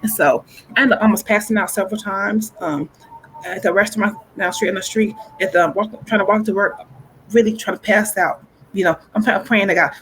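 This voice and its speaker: A woman guest in a casual interview, earnestly telling a personal story with deep faith and often restarting her phrases. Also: steady tone, a little fast, a bit bright, a little hiss or hum, low-quality recording. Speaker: guest author.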